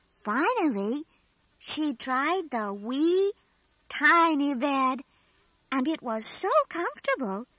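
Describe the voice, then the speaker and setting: Mr. Bear, a high, sing-song storytelling toy bear. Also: female voice, sharp tone, no room sound, full character voice. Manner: slow, sing-song, emphatic. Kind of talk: scripted storybook narration.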